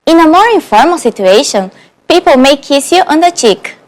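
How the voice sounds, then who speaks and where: High-voiced woman teaching phrases. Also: lively intonation. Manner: clear, patient, slows to model phrases. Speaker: language teacher. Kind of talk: on-camera language lesson.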